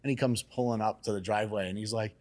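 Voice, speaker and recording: Low-voiced man telling a casual story. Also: quick pace. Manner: animated, acts out quotes in raised excited voices; casual, swears freely. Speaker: salon and barbershop owner, guest.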